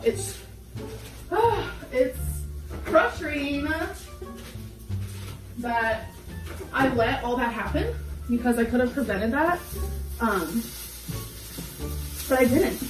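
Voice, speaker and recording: A young woman rambles through a candid confessional vlog, full of fillers and short laughs. Her voice sits slightly high and comes from a few steps off the mic. The room echoes, and soft music plays underneath. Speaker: vlogger. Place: home kitchen. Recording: echoey room, voice a bit far from mic, faint background music.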